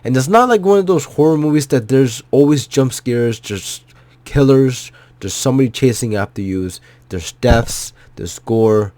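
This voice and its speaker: A man's voice: mid-range voice, normal speed, a little mellow, no echo. A man giving an emotional, heartfelt movie reaction, choked up and near tears, repeating himself and swearing. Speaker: vlogger.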